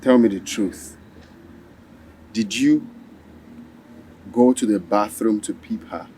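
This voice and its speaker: A man's voice: fairly low pitch, slow, mellow, a little hiss or hum. An actor playing a stern, commanding king and father with a Nigerian accent in a film drama. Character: stern king, a father scolding and settling family quarrels.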